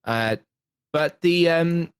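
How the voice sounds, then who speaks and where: A man's voice: on the high side, slow pace, clean tone, dry recording. A man talking as a guest on a podcast, enthusiastic and rambling with many restarts. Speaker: podcast guest, content creator. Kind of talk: casual chat.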